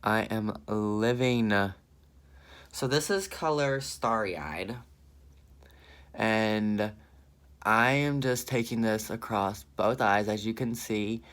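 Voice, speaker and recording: A man's voice: lowish voice, a bit bright, clean tone. A man with a Southern US accent chatting through a makeup tutorial, thinking aloud and gushing over the colors. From Southern United States. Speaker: makeup vlogger.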